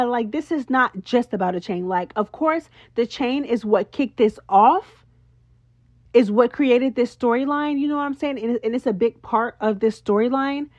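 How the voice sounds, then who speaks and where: A woman's voice: on the high side, dry recording, lo-fi sound. Sassy woman dishing on reality TV. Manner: sassy, animated, talks straight to viewers with slang. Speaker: reality show recap host. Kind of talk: casual recap commentary.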